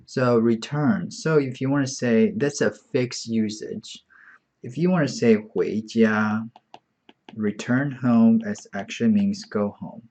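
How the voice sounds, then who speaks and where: This fairly low, darkish male voice comes through dull audio as he gives an online Chinese lesson for beginners. He's slow and patient, repeating every word several times over.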